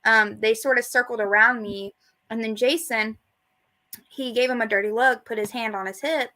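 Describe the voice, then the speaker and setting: A woman chats on a live talk show, her voice sitting a little high. She tells stories in a lively, joking way and laughs readily. Her tone is bright and forceful. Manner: chatty, joking storyteller, quick to laugh. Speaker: show co-host.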